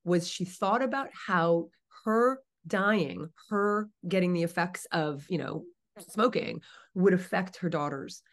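A woman's voice: lowish voice, slow pace. A woman from New Jersey, a guest on an interview show, talking enthusiastically and articulately. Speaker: guest, author and speaker. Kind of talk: conversational interview.

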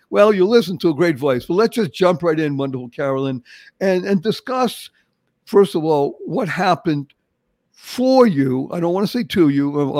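A man's voice: fairly high pitch, a little mellow, no echo. A man from Boston with a Boston accent, hosting an interview show with emphatic, theatrical delivery that acts out little scenes. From Boston, Massachusetts. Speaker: podcast host. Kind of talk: enthusiastic interview introduction.

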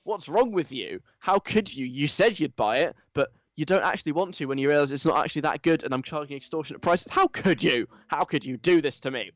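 A man's voice: a little high, expressive, fairly quick, hardly any pauses, a bit bright, no room sound. Man doing a whiny American influencer girl. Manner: self-pitying, whiny. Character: entitled whiny young female influencer. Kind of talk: mock reading of a social post.

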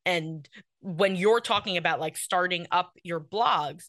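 A woman in her twenties hosting a casual interview, talking in a quick, loose way with plenty of fillers. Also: on the low side, fairly bright tone, no echo. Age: 20s.

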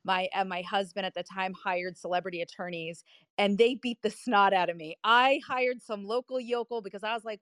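Animated woman telling a story, dry sound. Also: medium pitch, moderate pace, clear, resonant tone, no room sound. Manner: animated, emphatic, repeats phrases. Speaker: guest speaker. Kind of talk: casual storytelling on a live audio chat.

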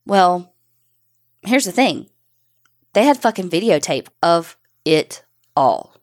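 Low-voiced woman telling a true crime case. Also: sing-song, slow, darkish tone. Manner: blunt, swears while telling the case. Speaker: podcast co-host.

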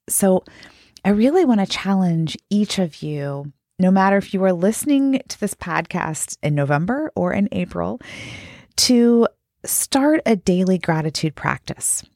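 A woman speaking into a podcast mic, her voice stuffy and congested from a cold. She talks in an earnest, heartfelt way, in a fairly low register. The sound is dry and close. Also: lively intonation, a little slow, a little mellow, dry recording. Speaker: podcast host. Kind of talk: solo podcast talk.

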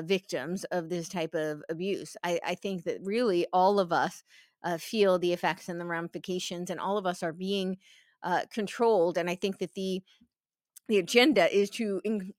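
A woman's voice: on the low side, no room sound, studio quality. A woman hosting a podcast, talking in a reflective, earnest way. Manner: reflective, earnest, laughs easily. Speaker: podcast host. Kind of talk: podcast conversation.

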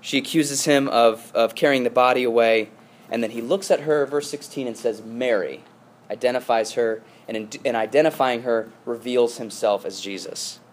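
Male pastor, mid-pitched, preaching casually with asides and restarts. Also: moderate pace. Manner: conversational storytelling with asides. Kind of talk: sermon.

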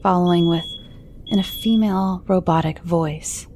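A woman narrating horror stories in a hushed voice that often sinks into a whisper. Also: on the low side, moderate pace, slight background noise.

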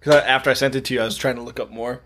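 A man's voice: mid-range voice, steady tone, very fast, fairly bright tone. A young man co-hosting a podcast, telling stories in casual, profane chat and laughing often. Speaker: podcast co-host.

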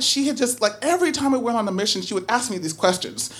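A woman telling a true story on stage, chatty and animated, full of asides and filler words. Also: fairly high pitch, quick pace, few pauses. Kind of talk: live first-person storytelling.

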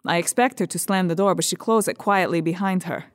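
An actress playing a blunt, matter-of-fact young Estonian immigrant woman in a radio drama, speaking halting, broken English with an Estonian accent and searching fillers. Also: lowish voice, noisy background, close to an everyday voice.

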